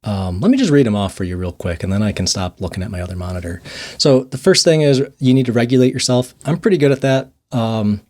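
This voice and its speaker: A man's voice: lowish voice, animated, fast talker, a little mellow. A young man casually telling a story in a monologue, laughing often and restarting his sentences. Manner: rambling, laughs often, restarts and repeats words. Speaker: vlogger.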